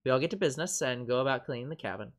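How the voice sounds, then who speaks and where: A man's voice: medium pitch, lively intonation, racing. A man hosting a game show, reading a visual novel aloud with wry, joking narration. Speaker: host.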